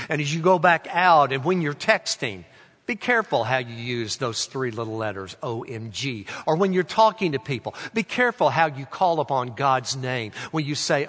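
A man preaching a sermon in a slow, deliberate way, stretching out quoted phrases and letting them fall soft. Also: medium pitch. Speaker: pastor. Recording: long hall reverb.

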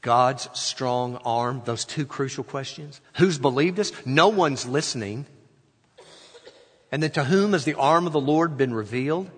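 A pastor preaching a sermon, stressing key words slowly and letting his voice fall away at the end of phrases. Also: mid-range voice, animated, long reverb tail. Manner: slow, emphatic phrasing that trails off quietly at line ends.

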